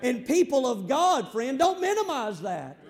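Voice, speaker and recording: A man's voice: very high-pitched, sing-song, measured pace. A man with a Southern accent from the Florida panhandle, preaching a fervent sermon as a pastor, with many restarts and rising exhortations.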